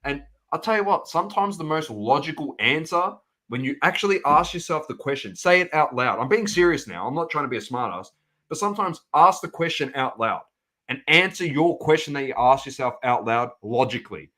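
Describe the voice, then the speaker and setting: A man's voice: on the high side, animated, brisk, a bit bright. A man co-hosting a casual podcast, ranting emphatically and repeating his points. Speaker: podcast co-host. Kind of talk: casual chat.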